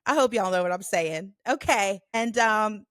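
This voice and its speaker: A woman in her thirties hosting a casual solo podcast, telling stories in an animated, blunt way with plenty of swearing. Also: medium pitch, a little slow, no echo, studio quality. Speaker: podcast host.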